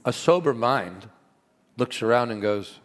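A man's voice: mid-range voice, unhurried. Earnest male pastor in a reverberant hall. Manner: earnest, animated preaching with asides and laughter. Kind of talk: sermon.

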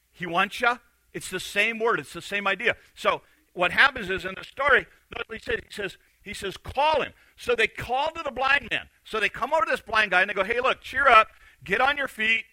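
A man preaching a sermon, telling a story with animated delivery and acting out the voices of the people in it. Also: sits high, no echo, low-quality recording. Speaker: pastor.

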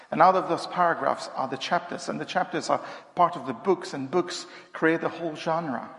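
A minister preaching in a church hall, speaking conversationally with frequent pauses and ums. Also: male voice, on the high side, gravelly, a bit bright. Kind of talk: sermon. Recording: echoey church hall reverb.

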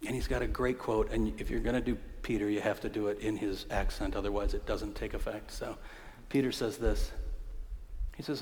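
A man's voice: fairly low pitch, fairly even intonation, a little fast, darkish tone. Man preaching in a reverberant church. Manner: humorous, conversational, with punchy emphasis. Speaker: pastor. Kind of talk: storytelling sermon. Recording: hall reverb.

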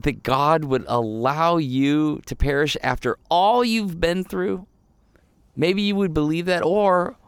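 A man's voice: a little high, vocal fry, clear, resonant tone, no echo. A man preaching a conversational sermon, telling the story with animation and putting rhetorical questions to his listeners.

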